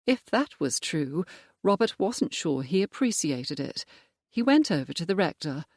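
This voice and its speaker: A narrator reading a mystery novel aloud in a steady, even manner. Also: mid-range voice, unhurried, no room sound, clean studio sound. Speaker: audiobook narrator. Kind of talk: scripted narration.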